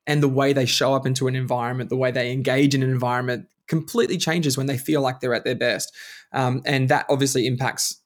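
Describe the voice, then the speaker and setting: A man who works as a strengths coach, hosting a podcast interview and talking in a reflective, steady way with frequent restarts. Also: mid-range voice, fast talker. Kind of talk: conversational interview.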